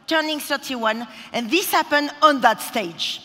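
Woman in her 30s, keynote speaker, bright and punchy, playful with the crowd, big hall reverb. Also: sits high, animated, moderate pace, few pauses. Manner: playful, chatty, teasing the audience. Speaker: conference speaker. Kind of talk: live stage talk. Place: conference stage in a large hall. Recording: hall reverb from a large venue.

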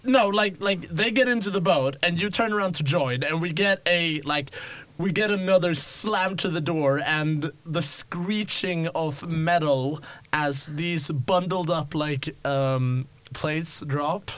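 A young man serves as game master for a tabletop game, narrating slowly in a fairly high, fairly bright voice. He rambles, filling his speech with lots of likes, fillers, and restarts.

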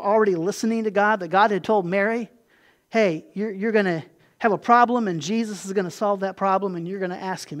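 A man preaching a sermon in a relaxed, conversational way, slipping into quick acted-out asides. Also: sits high. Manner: conversational, acts out voices in quotes, animated asides. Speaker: pastor.

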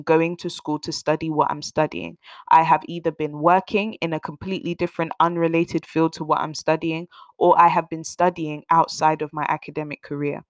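A woman's voice: sits low, clear, resonant tone, dry recording. A young woman hosting a faith podcast, talking in an earnest, encouraging way and repeating phrases for emphasis. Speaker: podcast host.

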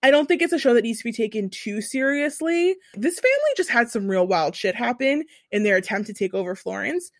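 Animated young woman telling a story. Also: a little high, fairly quick, few pauses, no room sound, clean studio sound. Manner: animated, profane storytelling with asides. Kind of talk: casual chat.

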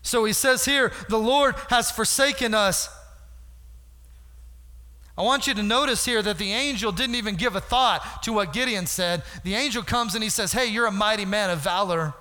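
High bright guy preaching a fired-up sermon, big hall echo. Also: a little fast, hardly any pauses. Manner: animated preaching, acts out Bible voices, asks congregation for responses. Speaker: pastor. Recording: hall reverb.

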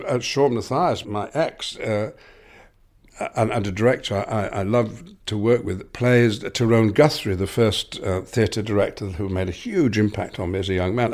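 An older man with a Lancashire accent speaks in a fairly low voice, thinking aloud as an interview guest. He circles back and restarts his phrases as he reflects. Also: darkish tone. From Lancashire, England. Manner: musing, halting, many restarts.

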